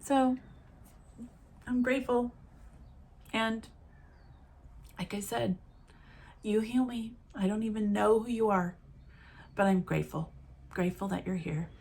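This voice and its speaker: Gravelly slow-talking woman vlogger. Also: mid-range voice, steady tone, darkish tone. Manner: frank, musing, motherly. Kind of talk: casual reflective monologue.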